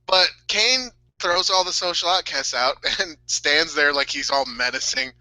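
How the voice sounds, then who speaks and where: A man's voice: fairly high pitch, measured pace, bright, forceful tone, dry recording, poor audio. A man co-hosting a casual podcast, retelling a story while breaking into wheezing laughter and swearing freely. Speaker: podcast co-host.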